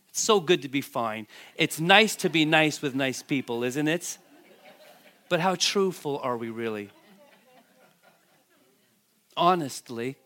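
Animated male pastor preaching. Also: a little high, slow pace, pauses often. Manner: animated preaching, calls out to the congregation. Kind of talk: sermon.

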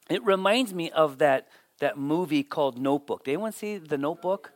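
A man giving a sermon as pastor, telling stories with lively swings and dropping almost to a whisper for emphasis, often repeating words as he starts a sentence. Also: a little high, a little fast, few pauses, no room sound. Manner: animated storytelling, drops to near whisper for emphasis.

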